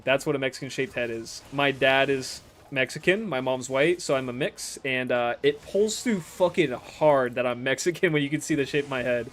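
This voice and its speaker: A young man from the States chats loosely while streaming, reading messages aloud and riffing on them. His voice sits at an ordinary middle pitch, and he laughs often and swears without a second thought. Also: normal speed, hardly any pauses, fairly bright tone. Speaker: game streamer. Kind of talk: casual chat while reading viewer messages.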